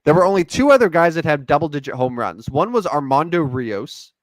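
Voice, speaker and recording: Lively, jokey man co-hosting a sports podcast. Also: a little high, a little fast, no echo. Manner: rambling, jokey, animated sign-off. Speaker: podcast co-host. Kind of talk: casual sports podcast chat.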